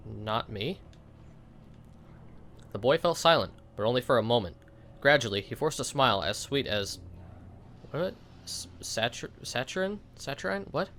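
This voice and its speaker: A young man hosting a let's play, reading the story's narration aloud at an ordinary middle pitch. He keeps it casual, stumbling over words now and then and tossing in joking asides. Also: expressive, moderate pace, a bit bright, a little hiss or hum.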